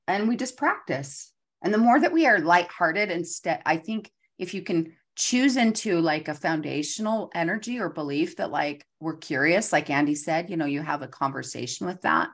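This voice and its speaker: A woman's voice: lowish voice, expressive, moderate pace, a bit bright, slightly rough. A woman in her forties hosting a motivational talk, acting out her own inner voices. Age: 40s. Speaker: host.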